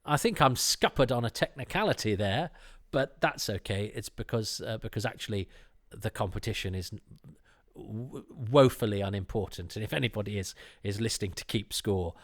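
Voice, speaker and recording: A man's voice: on the low side, animated, normal speed. A man hosting a podcast, talking in a rambling, self-deprecating way with many restarts. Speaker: podcast host. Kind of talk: casual chat.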